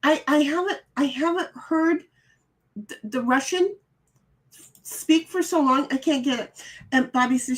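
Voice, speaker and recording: A woman's voice: high voice, unhurried, pauses often. A middle-aged woman hosting a casual live stream, reading chat messages aloud and chatting about them with frequent stammered restarts.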